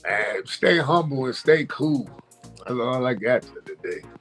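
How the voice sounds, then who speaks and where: A man co-hosting a casual sports talk show, relaxed and brief, often pausing with fillers. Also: mid-range voice, soft background music. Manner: relaxed, brief, fills pauses with uh.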